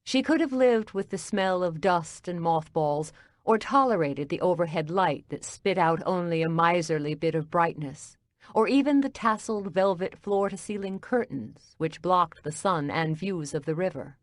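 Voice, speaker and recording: A woman reading a cozy mystery audiobook as narrator, in a calm, even storytelling manner. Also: on the low side, normal speed, no room sound.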